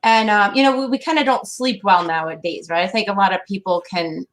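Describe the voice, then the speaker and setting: A woman's voice: medium pitch, fairly quick. Easygoing woman guest who rambles through a casual story. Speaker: guest medium. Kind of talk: casual chat.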